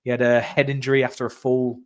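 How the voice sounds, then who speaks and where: A man's voice: mid-range voice, monotone, fast. A man co-hosting a fan channel, chatting casually about football and reading out club news with frequent laughs.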